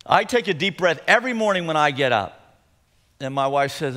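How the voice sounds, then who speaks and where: A middle-aged man preaching a sermon as pastor in a conversational, animated way. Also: on the high side, fairly quick. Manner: conversational, acts out sighs and groans. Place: church sanctuary. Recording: long hall reverb.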